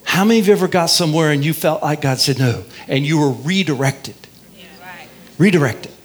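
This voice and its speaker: High-voiced preacher man, lively delivery. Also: a little fast. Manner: lively, drawls out key phrases, has the congregation repeat lines. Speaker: pastor. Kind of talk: sermon.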